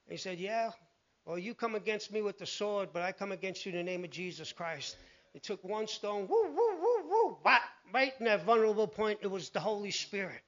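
A man preaching a sermon, animated, telling Bible stories and acting out the voices in them. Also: sits high, brisk. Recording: dull lo-fi recording.

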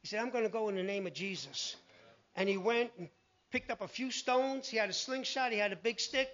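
A man preaching a sermon, animated, telling Bible stories and acting out the voices in them. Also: high voice, fairly quick. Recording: dull lo-fi recording.

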